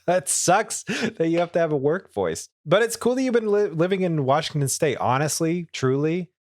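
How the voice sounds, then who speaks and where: A man's voice: on the high side, lively intonation, moderate pace, dry recording, clean studio sound. A young man co-hosting a podcast in casual chat, enthusiastic and often laughing. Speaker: podcast co-host.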